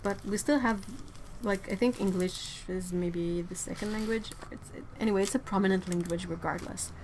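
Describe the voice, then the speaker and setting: A woman from Quebec, chatting casually on a livestream and answering viewers, playful and quick to laugh. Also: mid-range voice, darkish tone, slight background noise. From Quebec, Canada. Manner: chatty and playful, with frequent laughs and self-corrections. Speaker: artist livestreaming.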